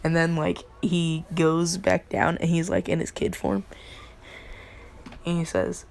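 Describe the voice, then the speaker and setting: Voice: medium pitch, level tone, unhurried, gravelly, a little hiss or hum. A storyteller rambling casually through a fan story, full of "like," laughing at their own jokes.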